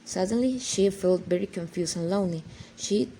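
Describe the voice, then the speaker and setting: Mellow-voiced woman reading a story aloud. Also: medium pitch, slight background noise, poor audio. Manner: careful, halting reading with frequent restarts. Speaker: reader. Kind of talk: reading a children's novel aloud.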